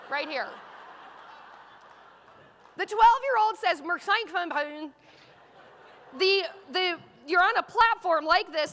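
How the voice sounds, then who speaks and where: A middle-aged woman speaks from a conference stage in a strikingly high, bright, forceful voice. She tells a story with lots of drama, acting out her own frantic self-talk. She jumps between loud exclamations and quiet, hushed asides. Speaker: keynote speaker. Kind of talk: animated storytelling keynote.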